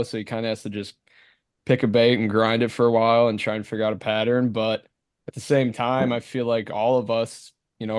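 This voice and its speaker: A man speaks as a podcast co-host, working through his takeaways with care. His mid-pitched voice is clean and clear, and the recording is dry and close. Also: no room sound. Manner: thoughtful, sums up takeaways. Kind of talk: casual fishing podcast chat.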